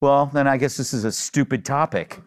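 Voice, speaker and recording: A man hosting a panel talk show, joking with his guests in casual banter. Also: medium pitch. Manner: joking, quick to laugh.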